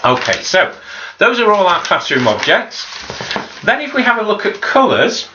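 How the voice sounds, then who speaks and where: A man's voice: sits high, wildly swooping pitch, normal speed, noisy background. Patient male teacher, roomy sound. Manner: patient, carefully modelled pronunciation with repeats. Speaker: primary school teacher. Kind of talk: home-learning video lesson for children. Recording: slightly dull, roomy home recording.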